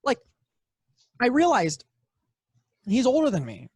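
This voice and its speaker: A young man hosting a podcast, telling stories in casual chat with animated, profane bursts. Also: very high voice, slow, breathy edge. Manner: animated, profane storytelling with sudden loud bursts. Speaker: podcast host.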